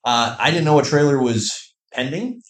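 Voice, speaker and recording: A man's voice: mid-range voice, animated, normal speed. A man hosting a casual podcast, upbeat and steering the talk. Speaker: podcast host. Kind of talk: casual chat. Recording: echoey room.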